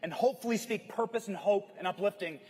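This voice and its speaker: A man giving an impassioned, preachy rally speech to a crowd at a conference, often shouting. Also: sits high, fast talker, breathy edge. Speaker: conference speaker. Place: large event hall. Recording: long hall reverb.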